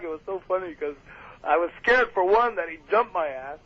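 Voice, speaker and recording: A man recounts old tales at a loose, rambling pace, stumbling over fillers and breaking into laughter. His voice sits a touch high. It comes through a muffled radio broadcast with a faint hiss behind. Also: fairly quick, fairly bright tone. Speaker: wrestler guest. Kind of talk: casual storytelling interview.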